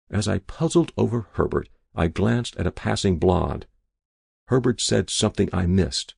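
A man narrating a first-person story in a measured, wry reading. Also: sits low, creaky, darkish tone, slightly rough, no room sound, clean studio sound. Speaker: audiobook narrator.

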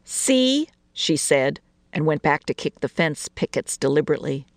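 A woman narrating a short story in an expressive, lilting reading voice. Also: deep voice, brisk, no room sound, clean studio sound.

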